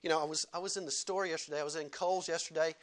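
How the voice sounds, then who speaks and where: A man's voice: a little high, fairly even intonation, racing. A male pastor delivering a sermon at a church service, earnest, repeating key phrases and asking rhetorical questions.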